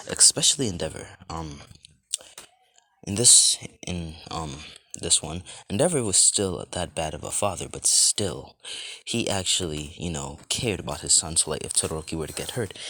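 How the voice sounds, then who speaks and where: A man's voice: low-pitched, sharp tone, slight background noise. A young man casually narrating an improvised fan story, rambling with lots of fillers and restarts.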